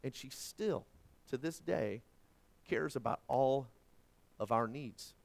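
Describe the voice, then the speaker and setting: A male pastor preaching a sermon, quoting scripture and swinging from forceful emphasis to hushed tones. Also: mid-range voice, expressive, takes it slowly, vocal fry.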